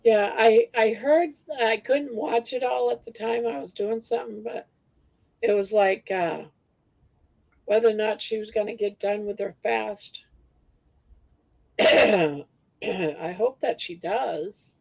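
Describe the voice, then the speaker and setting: A woman's voice: a little high, steady tone, a little slow, creaky, a little mellow. An older woman hosting a casual live-stream chat, rambling from one thing to the next. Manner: rambling, breaks into song snatches. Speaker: host. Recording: dull lo-fi stream audio.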